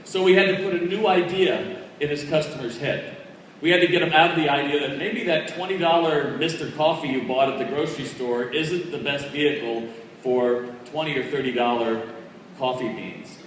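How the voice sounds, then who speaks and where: Brief: lively male keynote speaker, slightly high voice, recorded from far off with a faint room hum. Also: normal speed. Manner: energetic, punchy, conversational delivery. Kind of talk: motivational storytelling speech. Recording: distant echoey hall recording.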